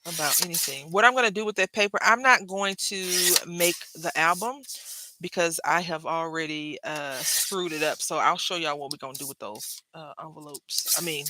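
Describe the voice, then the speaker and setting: A bright, forceful-sounding woman talks casually to her viewers while she crafts. She drifts from the project into stories and addresses the audience directly. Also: low-pitched, moderate pace, slight background noise, rough recording. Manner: chatty storyteller, drifts between crafting and anecdotes. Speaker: craft vlogger.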